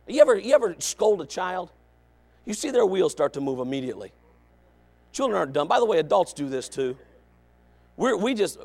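A middle-aged male pastor preaching a revival sermon, with an emphatic, repetitive cadence, dropping to low asides and rising to shouted exhortation. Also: vocal fry.

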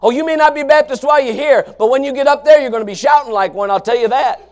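A man preaching a fiery sermon, swinging from low murmurs to shouted passages in a folksy, emphatic way. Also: fast talker. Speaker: pastor.

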